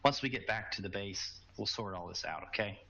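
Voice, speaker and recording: A man's voice: fairly low pitch, brisk, vocal fry, pushed and bright. A man voicing a worried young woman fugitive in a tabletop game, speaking earnestly. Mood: confused. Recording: muffled lo-fi recording.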